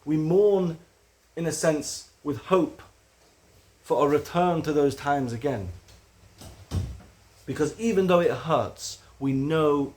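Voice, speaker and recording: A man giving a recorded religious lecture, earnest and building to animated emphasis on key points. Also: on the high side, takes it slowly, pauses often, a little hiss or hum. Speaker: Torah teacher.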